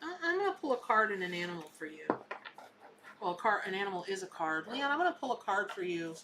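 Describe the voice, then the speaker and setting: A woman's voice: mid-range voice, big pitch swings, fast talker, background noise. A woman, hosting a live tarot reading in a chatty, emphatic way. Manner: chatty and emphatic, repeats words for effect. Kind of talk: casual live psychic reading.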